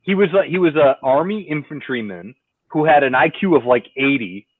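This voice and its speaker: A man's voice: medium pitch, normal speed, no room sound. Man on a tinny online call. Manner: profane, animated storytelling. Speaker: podcast co-host. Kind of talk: casual chat. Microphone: remote call. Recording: tinny phone-like call audio.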